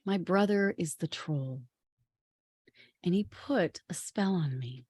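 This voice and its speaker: Woman doing a gentle spellbound maiden, soft hushed lines, low breathy tone. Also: expressive, slow pace, no room sound, heavily acted. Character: enchanted young woman, gentle and calm.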